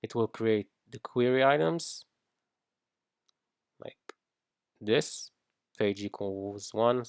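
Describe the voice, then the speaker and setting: A man talks through a coding tutorial at an unhurried, halting pace, pausing on fillers as he thinks aloud. His lowish voice has a gravelly edge, and the sound is dry and close. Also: dry recording. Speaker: iOS developer teaching. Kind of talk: screen-recorded coding tutorial.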